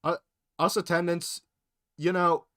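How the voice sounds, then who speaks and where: A young man casually telling work stories in a podcast chat, animated and full of profanity. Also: high-pitched, measured pace, no echo, studio quality. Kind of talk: casual storytelling.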